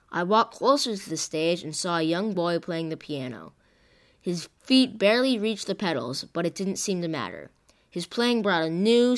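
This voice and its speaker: A woman reading a first-person story aloud, moving expressively between calm narration and lively speech. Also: fairly low pitch.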